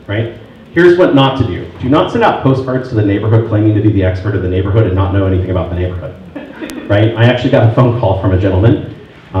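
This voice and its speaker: A man's voice: fairly low pitch, darkish tone. A man giving a talk at a real estate sales meeting, telling stories and acting out both sides of phone calls. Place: meeting room. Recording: very echoey room, distant, dull and muffled, faint noise.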